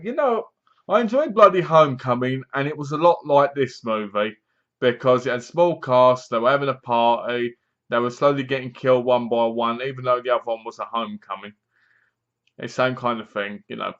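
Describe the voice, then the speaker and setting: A man's voice: mid-range voice, normal speed, fairly bright tone, muffled recording. A man reviewing a horror film in a casual, rambling, sarcastic way. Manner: sarcastic, mocking, meandering.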